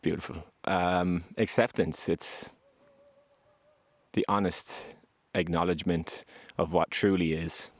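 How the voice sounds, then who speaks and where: On a hillside outdoors, a man records a reflective spoken vlog during a hike, sharing his survival story as a podcast host. His low voice is steady and echo-free, and he speaks gently, earnestly and spiritually, unhurried and pausing often.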